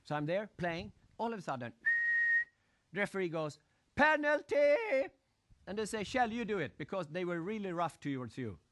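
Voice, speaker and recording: A man giving a live motivational seminar talk, animated, acting out crowd shouts and putting questions to his audience. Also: high voice, moderate pace. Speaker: motivational speaker.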